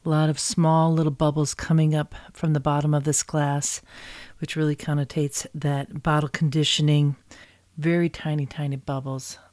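A man hosting a podcast, giving slow, savoring tasting notes during a casual chat. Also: on the high side, flat delivery, a little mellow, dry recording. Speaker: podcast host tasting cider.

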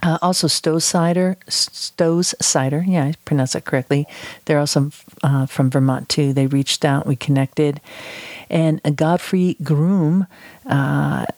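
A woman hosting a podcast in a casual chat, chatty and digressive, gushing warmly about people she likes. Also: low-pitched, fairly even intonation, measured pace, dry recording. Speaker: podcast host.

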